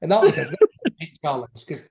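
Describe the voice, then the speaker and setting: A man's voice: on the high side, expressive, brisk, vocal fry, a little mellow, slight background noise. A middle-aged man with an Aberdeen Scottish accent, chatting as an actor guest in an interview, rambling with many restarts. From Aberdeen, Scotland. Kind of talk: casual interview chat.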